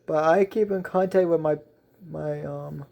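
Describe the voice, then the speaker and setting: A man voicing a clingy, excitable teen schoolgirl in a read-aloud fan story, sounding pleading and eager in a near-everyday voice. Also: on the high side, unhurried, creaky.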